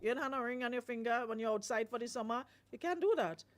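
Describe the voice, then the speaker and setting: A woman hosting a radio talk show, sharing lively opinions in a conversational way. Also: fairly high pitch, fast. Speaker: radio host.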